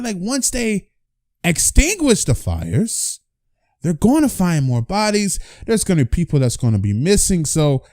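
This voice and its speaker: A man hosting a casual celebrity news commentary channel, chatty and animated, talking straight to his viewers. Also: high-pitched, no echo, studio quality. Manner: animated, chatty, addresses fans directly.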